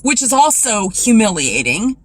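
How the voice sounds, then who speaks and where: A woman vlogger speaking in a raw, emotional personal monologue, confessional and tearful, her voice dropping low when upset. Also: very animated, a little slow, poor audio.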